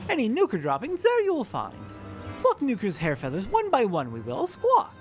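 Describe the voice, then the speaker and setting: A man voicing an excitable bird-man tribesman who squawks and speaks in jumbled word order. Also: normal speed, music in the background, full character voice. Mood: agitated squawking. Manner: shrill outbursts, choppy phrases.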